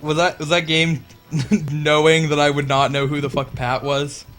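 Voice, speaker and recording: A man's voice: on the high side, level tone, moderate pace, fairly bright tone. A young man casually commentating a video game match, sardonic and profane. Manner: sardonic, profane, laughs often. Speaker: esports commentator.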